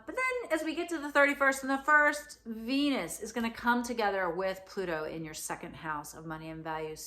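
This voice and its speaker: A woman's voice: medium pitch, fairly bright tone. A woman astrologer giving a casual spoken forecast, chatty, with many fillers and "right?" asides.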